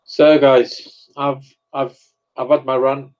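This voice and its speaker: A man's voice: medium pitch, flat delivery, slow, darkish tone, clear, resonant tone, lo-fi sound. A man hosting a live stream, chatting casually and reading viewer comments aloud as he reacts to them. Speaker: livestream host.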